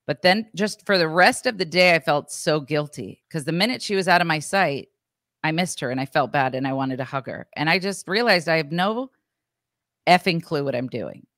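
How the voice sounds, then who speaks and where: A woman's voice: low-pitched, animated, moderate pace, a bit bright, no echo, clean studio sound. A woman co-hosting a podcast, telling a family story in casual chat, acting out quotes and swearing freely. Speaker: podcast co-host.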